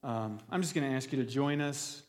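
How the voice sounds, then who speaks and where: A pastor delivering a sermon in a church, talking loosely with restarts and fillers and an earnest tone. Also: male voice, medium pitch, a little fast, in a large hall. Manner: earnest, gets emotional near the end.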